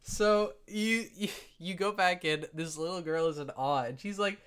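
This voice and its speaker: A man's voice: high-pitched, moderate pace, few pauses, a bit bright, smooth. A man narrating as game master in a casual tabletop game, in a rambling, laughing, profane way.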